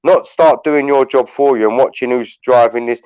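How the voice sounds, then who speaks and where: A London man rants bluntly, swearing freely and telling his stories at a steady clip. The sound is dry and close, with a slightly dull, muffled edge from the livestream audio. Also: medium pitch, normal speed, clear, resonant tone, no room sound. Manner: blunt, sweary, storytelling rant. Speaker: livestream panel host. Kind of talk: heated casual chat.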